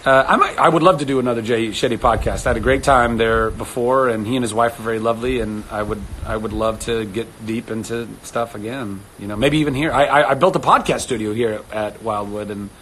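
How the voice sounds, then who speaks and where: A man in his thirties hosting a casual live stream from home, chatting with viewers, animated and laughing often. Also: fairly quick, few pauses, slight background noise, rough recording. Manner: animated, laughs often, jumps to sudden high exclamations. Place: home studio indoors.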